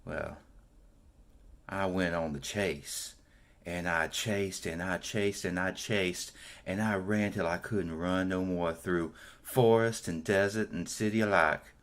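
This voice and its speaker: A man's voice: deep voice, steady tone, slow pace, a bit bright. Belladonna Rixa, brooding vengeful woman, as a man puts her on. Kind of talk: in-character monologue in a tabletop game.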